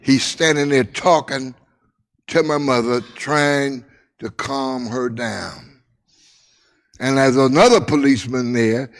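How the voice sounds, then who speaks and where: Older guy telling a story real slow, lots of pauses, goes quiet and soft at the tender bits. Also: mid-range voice. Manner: slow, drawn-out telling with repeated phrases and dramatic pauses; drops to a hushed voice at tender moments. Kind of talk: personal storytelling.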